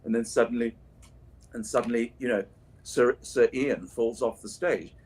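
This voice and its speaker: A man's voice: medium pitch, steady tone, moderate pace, a little mellow, slightly rough. A voice actor chatting casually on a livestream while signing prints, drifting through anecdotes and restarting his sentences. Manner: rambling, anecdotal, many restarts and asides.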